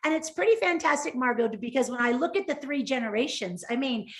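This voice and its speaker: A woman's voice: high voice, lively intonation, a little fast. A woman co-hosting a live shopping broadcast, telling stories in an effusive, heartfelt way. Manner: warm, effusive storytelling. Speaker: co-host.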